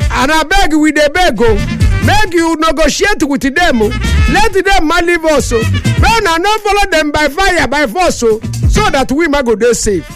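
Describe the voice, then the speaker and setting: A man's voice: very high-pitched, lively intonation, moderate pace, music in the background. A man with a Nigerian Pidgin accent, hosting a radio show in a studio and giving impassioned commentary full of rhetorical questions. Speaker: radio host.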